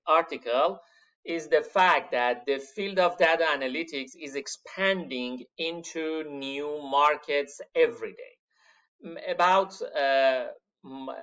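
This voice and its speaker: A man giving a university lecture to his students, halting with many fillers, stressing key words and calling the class "my friends". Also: on the high side, a bit bright. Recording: dull lo-fi lecture recording.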